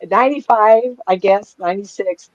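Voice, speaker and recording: Speaking at a normal speed with a medium-pitched voice, this woman is a sixty-something psychic medium talking informally to a small group. Her talk wanders and is full of laughter. There's no room sound, and the audio is dry, dull and lo-fi.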